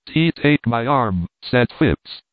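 A man reading the part of an awkward, rather glum gentleman who speaks hesitantly. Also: mid-range voice, expressive, takes it slowly, no echo. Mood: helpful. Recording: tinny phone-like dry sound.

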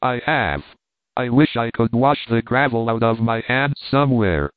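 A man reading the part of a brash gentleman who shrugs off a fall, in offhand clipped phrases. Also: mid-range voice, expressive, unhurried, no echo, close to an everyday voice. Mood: brisk. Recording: tinny phone-like dry sound.

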